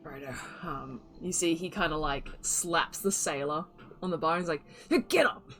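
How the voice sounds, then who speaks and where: A woman's voice: deep voice, fairly even intonation, moderate pace, a bit bright. A woman narrating as game master of a tabletop game, describing scenes loosely with many fillers and asides.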